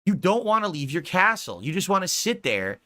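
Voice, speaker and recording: A man's voice: high voice, sing-song, a little fast, sharp tone. A man hosting a stream, ranting in exasperation, swearing often and mocking others in quoted voices. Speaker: streamer host. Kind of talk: heated casual rant.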